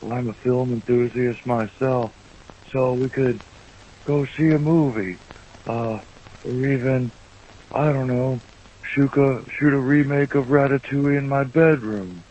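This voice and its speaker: A caller leaving a voicemail while doing an impression of a film actor, speaking in a deadpan, suggestive way. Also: male voice, medium pitch, measured pace, slight background noise, lightly acted. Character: man impersonating a famous film actor, deadpan and creepy. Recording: muffled voicemail.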